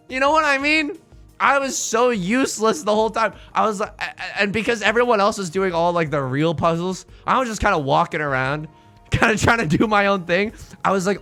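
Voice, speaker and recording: A man's voice: sits high, bright, forceful tone. A young man streaming live, telling a rambling, self-mocking story with frequent laughs while he plays a game. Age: young adult.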